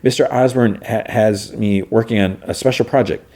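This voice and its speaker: Guy doing a nervous teen superhero kid, stammers, voice pushed way up, soft mellow tone underneath. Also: fairly low pitch, moderate pace, pitched above the performer's own voice, lightly acted. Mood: anxious. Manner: raised anxious stammering voice. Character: teen boy hero, earnest, guilty, unsure.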